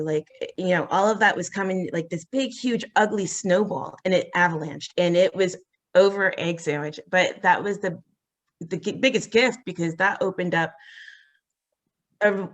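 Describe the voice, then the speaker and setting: A woman as an interview guest, telling a personal story in a halting, earnest way with many fillers and restarts. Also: fairly bright tone. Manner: acts out quoted voices, rising high.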